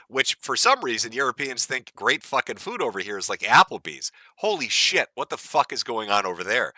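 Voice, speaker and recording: A man's voice: medium pitch, bright, forceful tone, dry recording, clean studio sound. A man from the United States hosting a live stream, ranting in a profane, mocking and gleeful way. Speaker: stream host.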